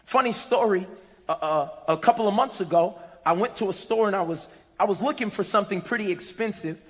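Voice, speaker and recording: A man preaching a sermon, telling stories with playful asides and rising to shouts. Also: high-pitched, fairly quick. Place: large church hall. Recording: long hall reverb.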